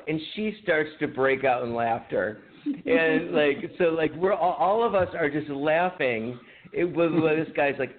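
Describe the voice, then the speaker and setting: A man's voice: fairly high pitch, animated, a little slow. A man co-hosting a podcast, telling an old story in casual chat, laughing often and swearing. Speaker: podcast co-host. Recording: phone-like audio with faint noise.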